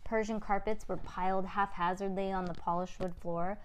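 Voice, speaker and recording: A woman's voice: medium pitch, fairly even intonation, normal speed, a little hiss or hum, low-quality recording. A woman reading a children's novel aloud for a family podcast, fixing slips and chatting with the kids. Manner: casual, fixes slips, laughing asides to the kids.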